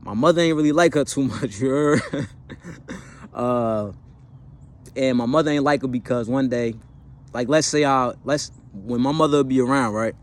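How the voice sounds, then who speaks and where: A man's voice: mid-range voice, moderate pace, long pauses. Slangy young man telling a story. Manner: slangy, profane, rambling with fillers and self-corrections. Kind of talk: casual personal storytelling.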